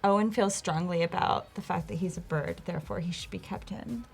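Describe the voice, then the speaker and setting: A woman's voice: lowish voice, a little fast, creaky, faint music behind. A woman co-hosting a drawing livestream, chatting and reading out viewer comments and timings. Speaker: co-host reading viewer chat.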